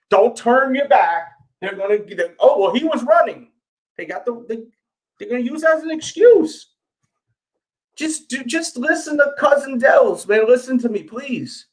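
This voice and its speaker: A man's voice: high voice, a bit bright. A middle-aged man with a New York accent, hosting a casual livestream, talking straight to viewers and repeating himself as he pleads his point. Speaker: sneaker channel host.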